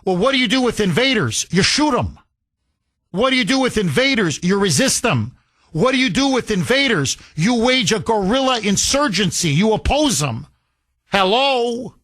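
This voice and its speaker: A man hosting a talk radio show, his voice high and bright, swinging widely in pitch. He fires off sarcastic rhetorical questions and hammers his points with repetition. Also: very animated, moderate pace. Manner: emphatic with repetition. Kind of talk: political talk radio monologue.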